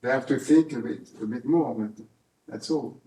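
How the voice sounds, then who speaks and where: An older man from Brittany with a French accent, speaking English as an interviewee at his home, halting and searching for words with many fillers. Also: medium pitch, dark tone. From Brittany, France. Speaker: interviewee, harpist. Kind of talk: casual interview talk. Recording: echoey room, mic at a distance.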